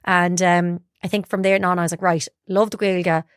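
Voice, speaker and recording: An Irish broadcaster from Galway, her voice fairly low, level and smooth, speaks at normal speed as a guest in a casual storytelling interview. She tells chatty stories about her life and acts out quoted dialogue, recorded in clean studio sound with no room echo.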